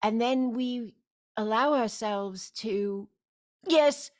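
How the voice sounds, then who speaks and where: A woman speaks at an unhurried, languid pace over a video call, leading a meditative spiritual gathering. Her pitch sits at a middling level for a woman, and she lingers on her vowels. She often breaks in with loud, emphatic cries of yes. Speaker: spiritual teacher hosting a group meeting. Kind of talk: slow meditative spiritual talk.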